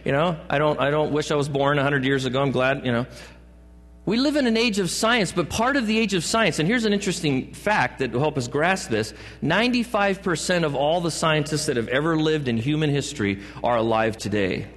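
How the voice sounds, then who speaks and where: Joking pastor preaching in an echoing hall. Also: male voice, on the high side, fairly quick, fairly bright tone. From California. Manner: joking asides and playful put-on voices. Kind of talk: sermon. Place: church sanctuary. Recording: long church hall reverb.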